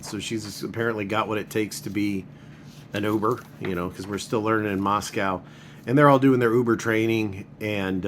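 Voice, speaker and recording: A man's voice: fairly low pitch, fairly bright tone, slight background noise. A man giving a casual, rambling spoken review of a comic book, padding his talk with filler words.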